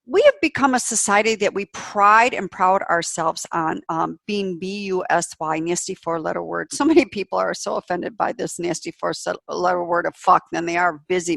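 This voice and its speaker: A woman's voice: on the low side, gravelly, no echo. A middle-aged woman hosting her own show, talking candidly and emphatically in a personal reflective monologue, swearing freely. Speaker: podcast host.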